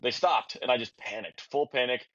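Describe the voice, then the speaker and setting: A man hosting a podcast, chatting casually and sharing his own hunting mishap in a relaxed way. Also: medium pitch, moderate pace, no room sound. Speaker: podcast host. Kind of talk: casual chat. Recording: dull, slightly muffled sound.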